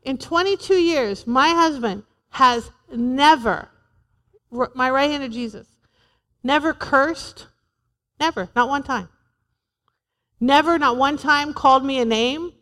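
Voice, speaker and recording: A woman's voice: high-pitched, slow, long pauses, fairly bright tone, big-room sound. A woman in her forties preaching a sermon to a church, humorous and emphatic, repeating her points. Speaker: pastor's wife preaching.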